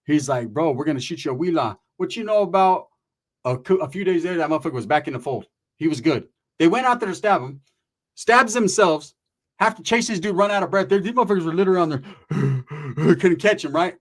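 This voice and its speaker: A man's voice: high-pitched, lively intonation, fairly quick. A man from California telling a story in casual, profane street slang, often tagging his sentences with "right?". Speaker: storyteller recounting prison experiences.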